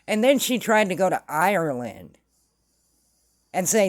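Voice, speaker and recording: A woman's voice: fairly low pitch, big pitch swings, a little slow, long pauses, dry recording. A woman hosting casual true-crime commentary, blunt and sarcastic. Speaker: commentary host.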